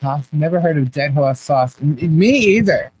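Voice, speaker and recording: A woman's voice: low-pitched, normal speed, a little mellow, slightly rough, low-quality recording. A woman hosting a casual live chat, laughing often and asking puzzled questions as she reads viewer comments. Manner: laughs often, baffled questions, repeats herself.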